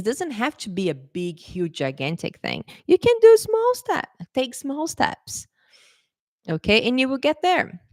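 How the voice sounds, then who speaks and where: A woman English teacher talking casually to camera. She sounds lively and coaxing, often checking in with "okay?" and "right?". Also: sits high, dry recording, clean studio sound.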